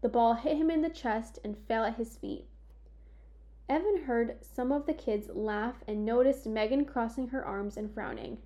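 A woman narrating a children's sports story in a measured, expressive storytelling way. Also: fairly high pitch. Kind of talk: audiobook narration.

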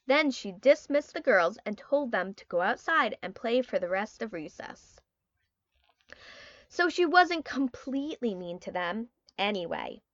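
Lively, expressive woman narrating a storybook. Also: a little high, a little slow, no echo, highs cut off. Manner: expressive storytelling with quoted character lines. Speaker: audiobook narrator. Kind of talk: scripted narration.

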